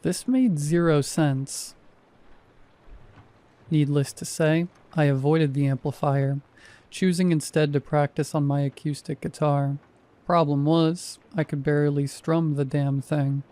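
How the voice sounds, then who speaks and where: A man in his thirties narrates a first-person horror story with dry, deadpan wit. His voice sits slightly high with a dark, mellow tone, and he keeps an even, measured pace.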